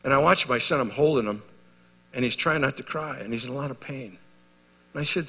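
Bright-voiced pastor preaching in a big hall. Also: male voice, medium pitch, a little fast, pauses often, husky. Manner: storytelling, swings from loud exhortation to hushed intensity. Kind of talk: sermon. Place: large hall at a men's retreat. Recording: live sermon in a reverberant hall.

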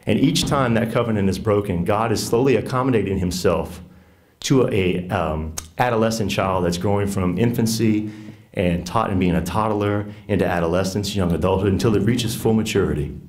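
A man with a low, deep voice and a Southern US accent leads a teaching session. He speaks in an earnest, folksy, conversational way and keeps checking in with his listeners. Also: moderate pace, darkish tone. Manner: earnest, folksy, with frequent "right?" asides. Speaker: catechist teaching a workshop on faith and marriage. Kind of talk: conversational teaching talk to a group.

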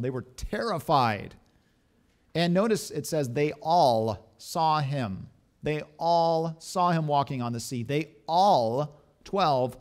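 Here a pastor with a fairly high-pitched voice delivers an animated sermon, peppering it with rhetorical questions.

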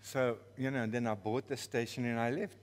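A man's voice: medium pitch, fairly even intonation, moderate pace, big-room sound. A man with a South African accent preaching a storytelling sermon in a church, playful and laughing at his own story.

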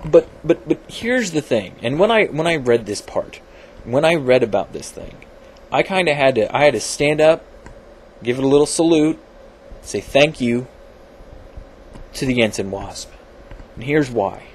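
A man's voice: mid-range voice, expressive, measured pace, a little hiss or hum. Rambling man in a casual science vlog. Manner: rambling, self-deprecating, lots of fillers and restarts. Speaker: video blogger. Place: home, at his computer.

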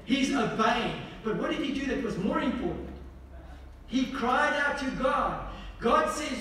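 High-pitched male pastor preaching, keeps asking the congregation stuff, loud then hushed, big echoey hall, mic far off. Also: normal speed, slight background noise. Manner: asks the congregation repeated questions; swings between loud emphatic lines and hushed quiet ones. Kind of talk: sermon.

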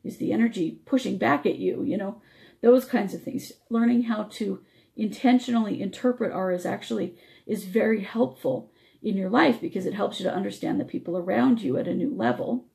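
A woman's voice: mid-range voice, a little fast, gravelly, a little mellow. A woman radio host teaching spiritual energy techniques, explaining step by step while her voice struggles.

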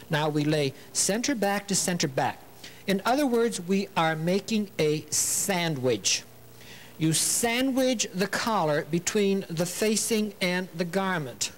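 A man's voice: fairly high pitch, slight background noise, poor audio. Joking man hosting a sewing show. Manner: chatty, tells corny jokes and laughs at them; coaxing, talks to the fabric and the thread. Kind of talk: TV sewing demonstration.

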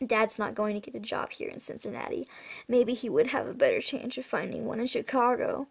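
A woman's voice: on the high side, fairly quick, vocal fry, breathy edge. Brief: distressed girl, shaky delivery, close to the reader's own voice, a woman reading. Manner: shaky, faltering speech. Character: upset girl, shocked and ashamed.

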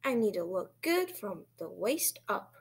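A woman's voice: mid-range voice, sing-song, a little slow, creaky, breathy edge, heavily acted. A woman doing a whooping, boisterous schoolboy. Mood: excited. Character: boisterous young schoolboy who hates dressing up.

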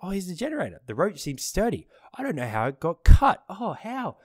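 A man playing a horror game, talking himself through it, reading notes aloud, swearing and yelling at jump scares. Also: sits high, huge pitch swings, fast talker, dry recording, studio quality. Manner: jumpy, swearing, screams at scares. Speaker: gaming streamer. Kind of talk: horror game let's play commentary. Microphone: desk microphone.

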